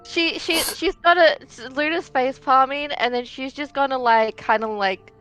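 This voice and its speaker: A woman's voice: sits high, moderate pace, a bit bright, clean tone, low-quality recording. A woman playing a tabletop game, describing her character's moves in a rambling, filler-heavy way. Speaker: player. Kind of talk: casual tabletop play. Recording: faint music behind.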